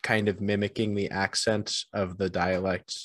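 A man co-hosting a casual podcast, rambling in a self-deprecating way with animated bursts. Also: sits low, normal speed, no echo. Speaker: podcast co-host.

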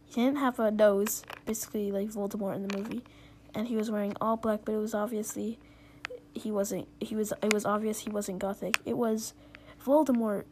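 A woman's voice: mid-range voice, level tone, fairly quick, noisy background. Giggly young woman reading dramatically. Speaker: reader. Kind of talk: mock-dramatic reading of fan fiction.

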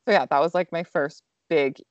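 Chatty young mom, dry dull sound. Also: female voice, low voice, moderate pace, no echo. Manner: chatty storytelling, many "like" fillers. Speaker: co-host, mother. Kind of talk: casual podcast chat.

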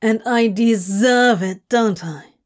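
A woman's voice: on the high side, slow pace. A woman voicing a brooding male demon with a sardonic, sneering way of talking. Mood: provoking.

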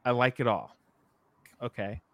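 A man's voice: medium pitch, unhurried, a bit bright, dry recording, studio quality. A man co-hosting a podcast, chatting casually about video games, rambling with many fillers and self-corrections. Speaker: podcast co-host. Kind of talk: casual video game discussion.

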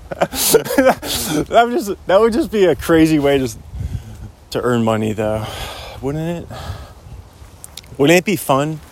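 Walking outdoors, a podcast host rambles chattily through a solo episode in a mid-range voice, peppering it with "like." A little hiss or hum sits in the recording.

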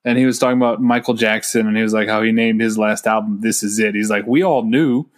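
A man's voice: on the low side, fairly even intonation, fast talker. A man co-hosting a movie podcast, chatting casually with swearing and laughter. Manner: profane, laughing, tells comedy bits. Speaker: podcast co-host.

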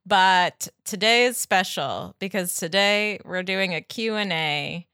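A woman's voice: medium pitch, lively intonation, slow pace, sharp tone, clean tone, no echo, clean studio sound. A woman hosting a podcast in casual chat, talking animatedly and laughing often. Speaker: podcast host.

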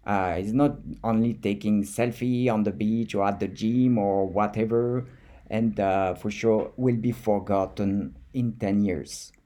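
An artist vlogger with a French accent thinks aloud in a reflective monologue, his voice fairly low, steady, and warm. He halts and repeats words as he searches for the right ones.

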